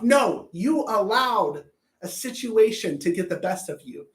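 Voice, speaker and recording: A man's voice: extremely high pitch, lively intonation, a little slow, fairly bright tone. A man coaching anger management in a blunt, profane self-help talk, often repeating words as he thinks. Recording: roomy echo.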